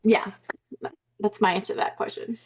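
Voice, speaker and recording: There's a slight hiss or hum behind this mid-range, level female voice moving at a moderate pace. She's a young Southern-accented mindset coach from Alabama, guesting in a relaxed interview and thinking aloud hesitantly, often restarting and using fillers.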